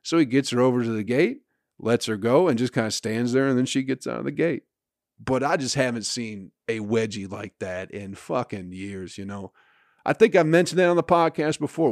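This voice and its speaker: Male podcast host, mid-pitch, swearing rant delivery, dead-dry close recording. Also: no echo. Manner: swearing, animated storytelling with laughs. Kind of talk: profane comedic rant.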